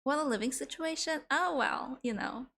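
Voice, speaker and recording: A woman's voice: high voice, normal speed, gravelly, a bit bright. A woman livestreamer chatting casually while she draws, rambling and swearing now and then into a desk microphone. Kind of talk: casual chat while drawing on stream.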